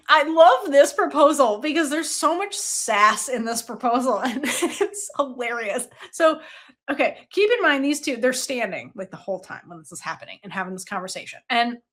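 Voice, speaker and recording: A woman's voice: sits high, big pitch swings, moderate pace, fairly bright tone. A woman hosting a casual book review, retelling scenes with quoted dialogue, laughing often and swearing casually.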